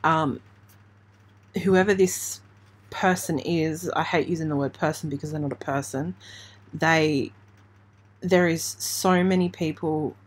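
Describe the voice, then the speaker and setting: A woman from Australia hosting a true crime channel, giving halting, emotional live commentary on breaking news while trying not to cry. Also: sits low, steady tone. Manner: halting, emotional, hesitant with restarts. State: near tears.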